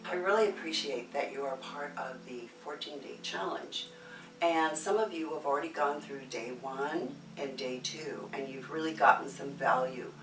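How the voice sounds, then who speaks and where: A middle-aged woman therapist teaching a course for therapists and telling a story with playful, animated delivery. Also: low-pitched, moderate pace. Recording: echoey room, distant mic, faint music.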